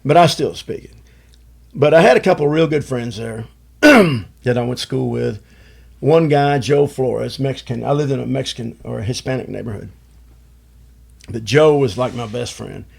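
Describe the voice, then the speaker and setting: A man's voice: medium pitch, normal speed, vocal fry, breathy edge. A man in his sixties from Chicago, telling rambling stories as a podcast guest, with lots of "you know" fillers. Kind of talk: casual storytelling chat.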